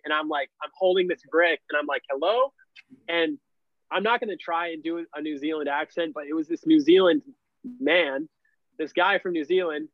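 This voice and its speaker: A man's voice: a little high, no room sound. A young man telling a story casually as a podcast guest, leaning on "like" as a filler. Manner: animated, heavy use of "like" fillers. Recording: dull, lo-fi and dry.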